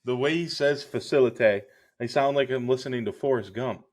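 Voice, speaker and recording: A man's voice: mid-range voice, fairly quick, darkish tone. A man co-hosting a sports podcast, talking bluntly with an exasperated, swearing edge. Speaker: podcast co-host. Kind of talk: casual sports chat.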